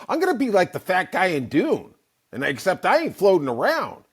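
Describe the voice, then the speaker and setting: Animated, wry middle-aged male podcast host. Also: high voice, moderate pace, breathy edge. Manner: animated, rambling, wry asides. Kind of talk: casual comic storytelling monologue.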